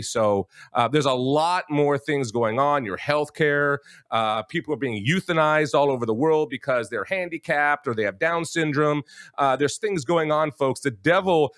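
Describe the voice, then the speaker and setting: A talk-show host speaks in a mid-range, slightly bright voice, recorded clean in a studio with no echo. He delivers an emphatic opinion monologue, addressing his listeners directly as folks and restarting his sentences often.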